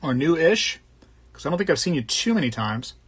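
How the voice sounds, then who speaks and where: A man's voice: a little high, sing-song, brisk, breathy edge. A man hosting a casual live stream, chatting and joking as he greets viewers by name and rambles between topics. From Florida. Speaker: host of a live coin collecting stream.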